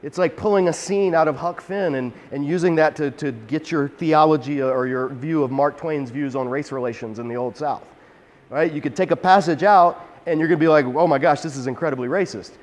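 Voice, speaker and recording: A man teaching through a Bible passage in an energetic, emphatic, conversational way. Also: on the high side, normal speed. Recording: long hall reverb.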